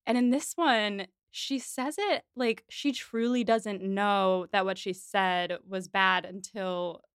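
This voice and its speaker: A woman hosts a podcast in a relaxed, chatty way, slipping into little voices for the characters she quotes. Her voice is smooth and resonant, and it sounds dry and close to the mic. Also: medium pitch, slow, no echo. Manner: animated, acts out quoted lines. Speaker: podcast host. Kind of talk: casual chat about a TV adaptation.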